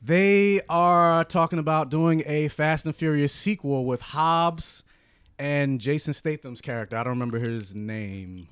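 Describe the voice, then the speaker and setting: A man co-hosting a podcast, reading a news segment in casual chat, relaxed and a bit hesitant. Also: on the high side, unhurried, clear, resonant tone, no room sound, studio quality. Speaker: podcast co-host and newscaster segment.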